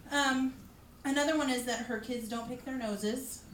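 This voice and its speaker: A woman's voice: high-pitched, steady tone, moderate pace, slight background noise. A middle-aged woman doing a stand-up comedy set at a bar open mic, wry and self-mocking. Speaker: stand-up comic. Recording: echoey room, crowd laughter.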